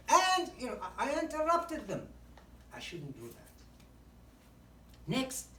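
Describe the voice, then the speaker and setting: A woman's voice: fairly low pitch, a little hiss or hum. A woman teaching a public speaking workshop to a live group, acting out examples as she goes and often saying "you know". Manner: demonstrative, acts out examples, frequent "you know". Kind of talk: instructional talk to a live group. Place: meeting room. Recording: roomy echo, distant mic, faint ambience.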